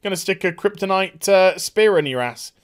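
A man voicing a gruff male government agent boss in a casual retelling. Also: high voice, animated, normal speed. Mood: threatening.

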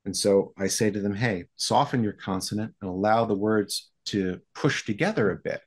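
An American man explaining voiceover coaching in a podcast interview, telling stories in a lively way. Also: on the low side, normal speed, breathy edge.

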